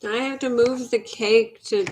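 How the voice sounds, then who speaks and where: This livestream host from Mississippi speaks at a measured pace in a fairly high, darkish voice with fairly even intonation and a Southern accent. While beading, she chats casually, rambling offhandedly and swearing now and then. Slight background noise is present.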